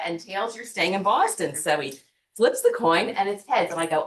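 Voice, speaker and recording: Animated woman telling stories on a panel. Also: medium pitch, moderate pace. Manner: animated storyteller acting out quotes. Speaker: alumna panelist. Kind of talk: storytelling on a panel.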